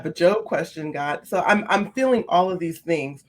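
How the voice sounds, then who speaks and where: A woman with a slightly low speaking voice tells a heartfelt personal story as a podcast guest. She is expressive and earnest, repeating phrases for emphasis, and her pitch jumps up high when she gets animated. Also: moderate pace.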